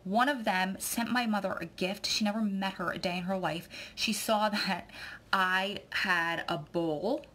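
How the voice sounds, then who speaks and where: A woman's voice: mid-range voice, measured pace, fairly bright tone. A woman vlogging, talking in a rambling, effusive way that often turns tearful. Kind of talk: rambling emotional vlog chat.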